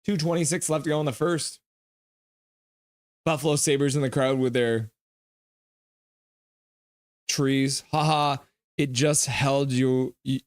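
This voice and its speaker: A man's voice: medium pitch, clear, resonant tone, no echo, clean studio sound. A man streaming a live hockey game reaction, reading chat messages aloud and teasing viewers in a playful, jokey way.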